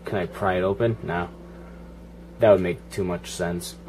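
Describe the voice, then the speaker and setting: A man's voice: deep voice, fairly even intonation, normal speed, darkish tone, slight background noise. A man giving casual, profane running commentary while playing a video game, grumbling and joking at it. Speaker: gaming channel host.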